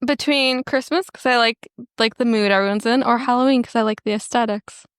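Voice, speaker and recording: A woman's voice: on the high side, fairly even intonation, brisk, clean tone, dry recording. A young woman co-hosting a podcast, answering a quiz casually with hesitant, musing replies and dry humor. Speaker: podcast co-host. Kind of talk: casual chat.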